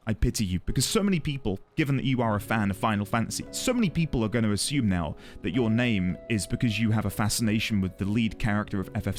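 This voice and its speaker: A young man streaming a video game, greeting his chat by name and chatting in loose tangents. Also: mid-range voice. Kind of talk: casual livestream chat.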